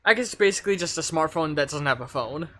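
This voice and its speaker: A man's voice: on the high side, lively intonation, fairly bright tone, a little hiss or hum. A young man hosting a webcomic read-along and chatting in a playful, easy way. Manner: playful, quick asides, laughs. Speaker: host reading a webcomic aloud. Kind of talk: casual chat.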